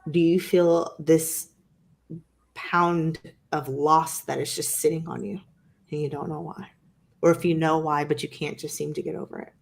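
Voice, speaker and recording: A woman with a low voice talks calmly as a guest healer. She speaks in a measured way and often poses rhetorical questions to the listener. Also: creaky. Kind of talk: wellness chat and reading.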